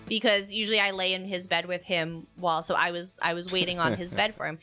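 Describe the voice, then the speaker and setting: A young adult woman chatting casually on a stream, telling animated stories and laughing often. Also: lowish voice, fast talker, hardly any pauses, soft background music. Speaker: streamer co-host. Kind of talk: casual chat.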